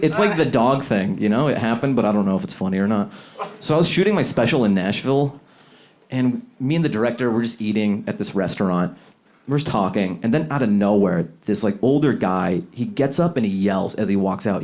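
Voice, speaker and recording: Male stand-up comic, lively swooping delivery, loose chatty bits, handheld mic, roaring club crowd. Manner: loose, chatty, laughing at his own bits; acts out characters in high squeaky voices. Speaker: stand-up comedian. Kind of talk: stand-up set trying new material. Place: comedy club stage with live audience. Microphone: handheld stage mic. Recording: live club with loud crowd laughter.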